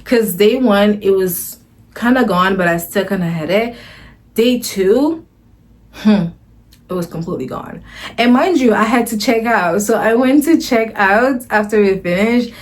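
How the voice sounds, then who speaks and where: A woman's voice: medium pitch, measured pace. Gushing woman vlogger, casual storytime. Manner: gushing and rambling, often restarting phrases.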